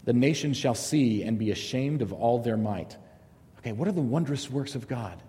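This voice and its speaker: A man's voice: medium pitch, moderate pace. A middle-aged man teaching a Bible study in a conversational style, telling stories and jokes along the way. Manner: conversational, animated storytelling with jokes. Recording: long hall reverb.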